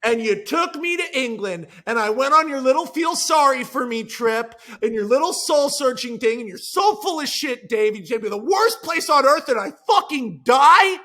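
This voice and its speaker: A man voicing a resentful young male best friend who yells sarcastic accusations. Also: very high voice, expressive, fast talker, hardly any pauses, heavily acted. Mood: bitter yelling.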